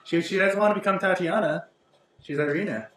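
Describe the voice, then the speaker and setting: A man playing in a tabletop game, excitable, quick to react and swearing. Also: high voice. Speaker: player. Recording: roomy, distant mic, audible noise.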